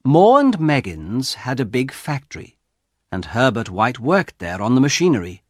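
A man narrating a graded-reader audiobook, slowly and with clear, expressive delivery on a close mic. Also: mid-range voice, no room sound. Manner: slow, clearly articulated, expressive.

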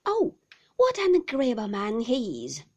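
Woman voicing a middle-aged nursemaid, coaxing, eager, breathy tone. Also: on the high side, big pitch swings, measured pace, exaggerated voice. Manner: coaxing, enthusiastic.

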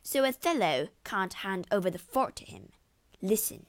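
A woman's voice: medium pitch, lively intonation, normal speed, close to an everyday voice. A woman voicing a cold, scheming male villain who talks slyly. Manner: cold, sly.

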